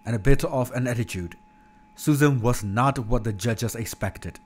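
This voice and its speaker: A man's voice: medium pitch, darkish tone. A man reading a nonfiction book chapter aloud, plainly and without polish, sometimes stumbling and restarting a word.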